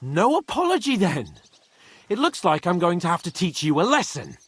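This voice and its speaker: A man's voice: high-pitched, huge pitch swings, moderate pace, a bit bright, slightly rough, dry recording, heavily acted. An actor playing a pompous, touchy young nobleman in a video game, speaking in a haughty, indignant way.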